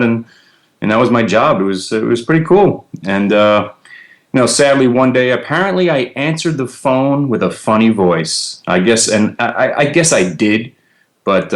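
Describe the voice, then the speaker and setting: Deep-voiced New guy in his forties, lively storyteller. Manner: animated, laughing storyteller with many fillers. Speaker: guest, trader and comedian. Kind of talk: casual storytelling interview.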